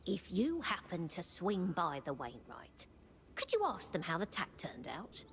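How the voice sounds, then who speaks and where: A woman's voice: on the low side, wildly swooping pitch, unhurried, a bit bright, a little hiss or hum, heavily acted. An actress playing an earnest craftswoman in a video game asking a favor, with game music behind.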